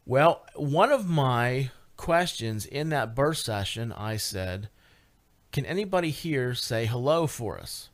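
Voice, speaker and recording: Radio guest, a man telling a ghost-hunt story, animated and halting, average pitch. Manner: animated, lots of fillers and restarts, rising excitement. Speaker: paranormal investigator guest. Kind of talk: casual radio interview storytelling.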